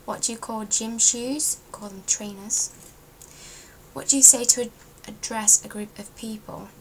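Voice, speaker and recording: A woman's voice: on the high side, fairly even intonation, unhurried, a little hiss or hum, poor audio. A young woman with a Derbyshire accent, chatting casually in an accent tag vlog and reading out a word list. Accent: Derbyshire English. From England. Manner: chatty, down-to-earth, reading words aloud. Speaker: vlogger.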